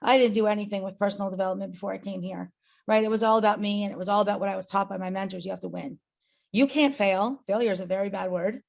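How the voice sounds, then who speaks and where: A woman's voice: medium pitch, fairly even intonation, fast, gravelly, darkish tone. A woman and agency owner giving an earnest, emphatic motivational talk on a company call, often checking in with "right?". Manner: emphatic, earnest, tag questions.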